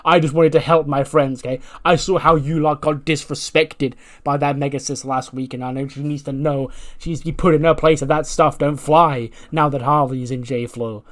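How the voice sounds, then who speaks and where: A man's voice: fairly high pitch, steady tone, moderate pace, few pauses, fairly bright tone, close to an everyday voice. A man doing a hot-headed female wrestler. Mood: heated. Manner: heated, defensive.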